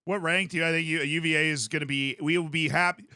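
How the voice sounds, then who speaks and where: A man's voice: on the high side, steady tone, quick pace, sharp tone, clear, resonant tone, no echo, clean studio sound. A man, chatting casually on a livestream, rambling and restarting his sentences. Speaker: streamer.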